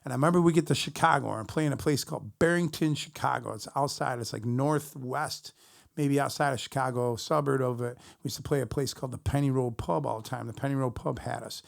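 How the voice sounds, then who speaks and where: A middle-aged man, a musician, casually telling a long profane story to his stream chat, animated and rambling. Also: medium pitch, fairly quick, creaky.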